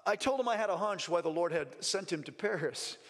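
High-voiced fervent male preacher, hall reverb. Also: expressive, brisk, fairly bright tone. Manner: fervent, with frequent restarts and praise interjections. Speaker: missionary preacher. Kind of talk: missionary report sermon. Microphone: presentation mic in front of an audience. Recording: long reverb in a large hall.

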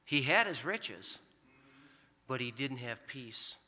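A man's voice: mid-range voice, very animated, slow pace, pushed and bright. A middle-aged American man preaching a sermon, telling a family story in an earnest, conversational way. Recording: long hall reverb.

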